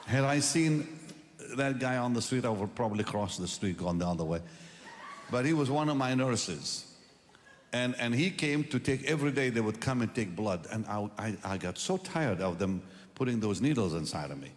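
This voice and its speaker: An older man preaching a personal testimony, telling the story with strong emotion and moving between hushed and loud moments. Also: mid-range voice, expressive, normal speed, a little hiss or hum. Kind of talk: testimony sermon. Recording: long hall reverb.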